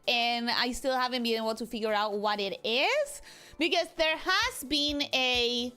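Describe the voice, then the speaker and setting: A young woman streaming as a VTuber, chatting casually and greeting each viewer with a repeated welcome, her throat feeling full after a rushed meal. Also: a little high, sharp tone. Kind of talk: casual livestream chat. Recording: faint music behind the voice.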